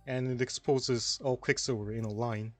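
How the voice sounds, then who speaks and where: A man's voice: mid-range voice, fairly even intonation, moderate pace, faint music behind. Hesitant man explaining puzzle mechanics. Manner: hesitant, restarts and fillers while explaining. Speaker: tournament stream co-commentator. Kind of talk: casual puzzle-solution commentary.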